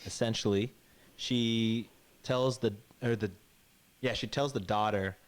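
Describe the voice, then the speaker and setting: A man's voice: on the low side, steady tone, a little slow. A man telling a grim fairy tale in a casual, rambling way, swearing and acting out the characters' lines. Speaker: podcast co-host. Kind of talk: casual storytelling chat.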